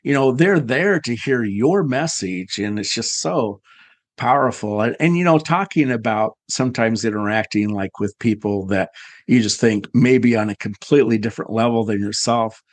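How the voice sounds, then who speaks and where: A man hosting an interview show, talking haltingly and searching for words with many fillers. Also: medium pitch, dry recording. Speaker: podcast host. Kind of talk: conversational interview.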